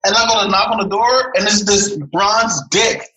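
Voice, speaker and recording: An excitable young man tells stories on a podcast. His voice sits a bit high and sounds bright. He talks in casual slang. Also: normal speed, poor audio. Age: young adult. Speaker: podcast co-host. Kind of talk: casual chat.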